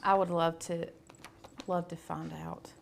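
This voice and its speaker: A woman's voice: lowish voice, little pitch movement, measured pace, vocal fry, a little hiss or hum. A woman co-hosting a crafting livestream, reading viewer questions and joking about herself. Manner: playful, self-deprecating. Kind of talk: casual chat.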